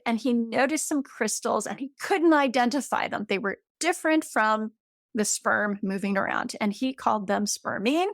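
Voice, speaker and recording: A woman in her late fifties with a fairly high voice, talking as an interview guest. She explains the science with enthusiasm and everyday comparisons. The sound is dry and close, with no room echo. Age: 50s.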